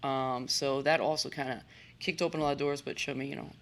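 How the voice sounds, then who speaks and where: A woman, a boxer and coach, talking as a guest in a relaxed interview, rambling with fillers and restarts. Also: extremely low pitch, fairly quick, a little hiss or hum. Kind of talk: casual conversational interview.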